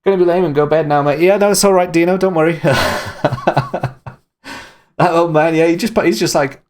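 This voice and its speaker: A man's voice: on the high side, fairly even intonation, moderate pace, darkish tone, clear, resonant tone. Ranting man streaming a game. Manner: ranting, sarcastic. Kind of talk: casual gameplay commentary.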